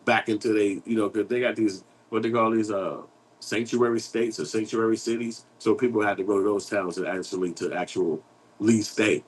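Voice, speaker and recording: A man's voice: on the low side, husky, low-quality recording. A man hosting an online commentary show, talking in a blunt, profane, rambling street style while reading and answering chat.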